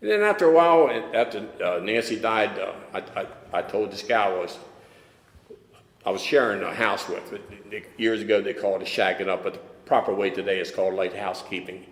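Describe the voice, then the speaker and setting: A man's voice: on the low side, a little fast. Older Texan man telling his story in an echoey hall. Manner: plainspoken storytelling with wry humor. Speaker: AA speaker. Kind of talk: recovery meeting share. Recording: echoey hall with long reverb.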